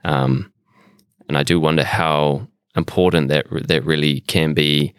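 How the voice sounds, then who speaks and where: A man hosts a relaxed podcast conversation in a very low voice. He rambles, repeats himself while searching for words, and swears casually. The recording is dry and close. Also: measured pace, clear, resonant tone, dry recording. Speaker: podcast host. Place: indoor room with a painting on the wall.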